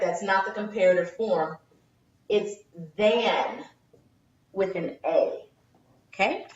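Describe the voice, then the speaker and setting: A woman teaching an English grammar lesson in a classroom, lively and stressing example words slowly. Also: mid-range voice, reverberant, highs cut off. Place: classroom, moving between boards.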